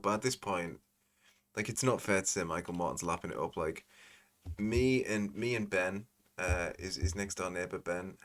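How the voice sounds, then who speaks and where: Casting: deep-voiced guy, rambling sardonic commentator. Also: fairly bright tone. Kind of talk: casual commentary.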